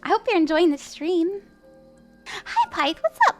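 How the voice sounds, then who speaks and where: A woman with a bright, high-pitched voice gives a casual tarot reading on a livestream, chatty and upbeat, with many "like"s and easy laughs. Soft music plays faintly underneath her voice. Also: very animated, unhurried. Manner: chatty, upbeat, full of "like" and "you know", laughs often. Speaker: tarot reader and stream host.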